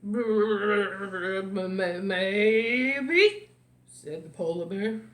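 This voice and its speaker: A woman voicing a big polar bear in a children's story, speaking slow and booming. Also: fairly bright tone. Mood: gloomy. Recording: echoey room.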